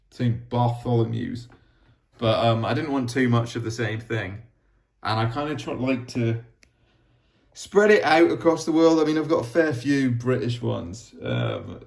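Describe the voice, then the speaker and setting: A man's voice: mid-range voice, creaky. Man, laid-back chatty vlogger, mid-range voice, waffles with plenty of fillers and jokes at his own expense. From Wales. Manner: rambling, self-deprecating, chatty with many ums. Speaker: vlogger showing his map collection. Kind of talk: casual rambling show-and-tell.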